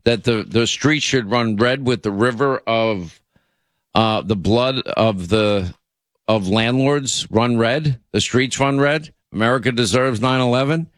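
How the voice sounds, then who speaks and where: A man's voice: medium pitch, measured pace, no room sound, clean studio sound. A man hosting a talk radio show, delivering an indignant opinion monologue full of restarts and asides. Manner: indignant, repeats himself, frequent uh and you know.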